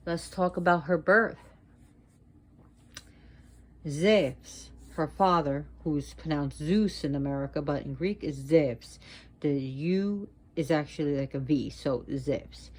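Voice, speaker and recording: A woman presenting a casual educational video at home, talking slowly and deliberately and repeating words for emphasis. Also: low-pitched. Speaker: video presenter on mythology and witchcraft. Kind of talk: casual educational talk to viewers.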